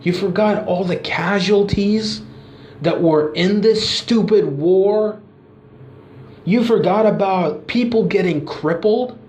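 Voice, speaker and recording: A man voicing an indignant male wrestler who fires an accusing string of rhetorical questions at his boss, his pitch pushed up well above his own voice. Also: takes it slowly, darkish tone, reverberant, a little hiss or hum.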